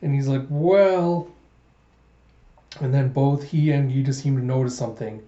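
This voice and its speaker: A man hosting his own channel, summarizing a manga chapter by chapter in a relaxed, casual way, full of "he's like.". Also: medium pitch, fast. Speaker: host of a manga review channel. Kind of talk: casual manga read-through. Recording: dull echoey room recording.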